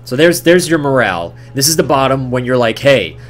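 A man's voice: medium pitch, expressive, a little fast, faint music behind. Theatrically exasperated male game streamer. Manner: theatrically exasperated, swinging between mock despair and outbursts. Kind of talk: live gameplay commentary.

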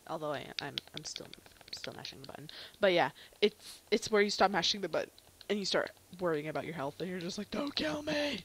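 A woman giving casual gameplay commentary, chatty and self-mocking, quick to exclaim. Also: sits low, a little hiss or hum. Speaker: let's play gamer.

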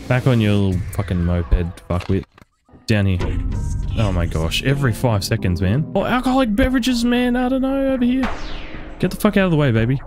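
A young man giving sweary, frantic let's-play commentary, yelping high when panicked. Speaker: gaming YouTuber.

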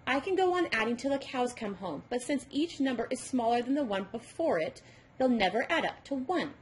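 A woman voicing a tired, grumpy boy who hates math, talking in a slow, complaining way. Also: on the high side, sing-song, a little hiss or hum. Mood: weary.

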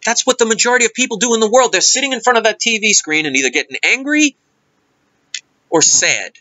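A man with a high, bright and forceful voice delivers an emphatic, preachy rant. He is sarcastic and hammers his points home. The recording is dry, dull and lo-fi. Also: expressive, fast talker, no room sound. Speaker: vlogger. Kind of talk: impassioned monologue rant.

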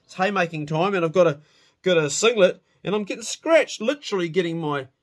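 A middle-aged man spins a rowdy yarn from his youth, animated and loose, swearing as he goes and laughing at his own mishaps. His voice sits a little higher than most men's. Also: a little fast. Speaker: storyteller. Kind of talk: casual spoken storytelling.

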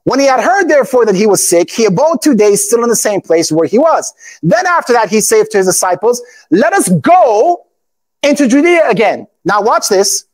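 A male pastor preaching a sermon, calling out to his congregation, breaking into shouts, and reading scripture aloud in old formal English. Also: high voice, big pitch swings, moderate pace. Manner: call-and-response preaching, often bursts into shouts.

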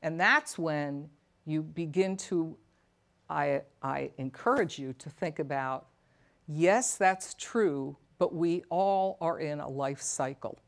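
Middle-aged woman, low voice, earnest and reflective therapist addressing caregivers, checks in with the audience. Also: slow pace. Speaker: psychotherapist and elder care coach. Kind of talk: talk to a caregivers' support audience.

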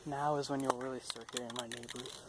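A man's voice: mid-range voice, level tone, brisk. A young man vlogging casually while holding his phone, rambling and laughing at himself. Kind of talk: casual vlog. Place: outdoors. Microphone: phone held in hand. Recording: noisy outdoor phone recording.

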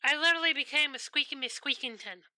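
A woman's voice: high voice, fast talker, pushed and bright. A woman streaming a game, chatting casually and telling rambling, profane stories.

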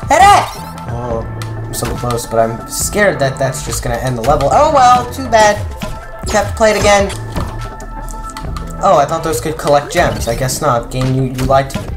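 A man doing casual gameplay commentary, rambling with self-mocking asides and sudden shouted outbursts. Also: medium pitch, moderate pace. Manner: excitable, jumps from mutters to shouted outbursts. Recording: game music playing underneath. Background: game music.

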